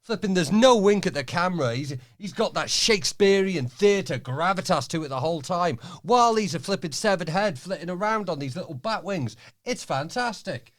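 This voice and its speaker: Animated, crude-joking male podcast guest. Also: high-pitched, moderate pace, hardly any pauses. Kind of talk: casual film chat.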